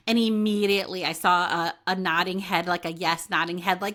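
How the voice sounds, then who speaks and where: This solo podcast comes from a woman who works as an intuitive medium, speaking casually and with energy about intuition and readings and often playing out people's lines. Her mid-range voice is pushed and bright, fairly even in intonation, at a normal speed with few pauses.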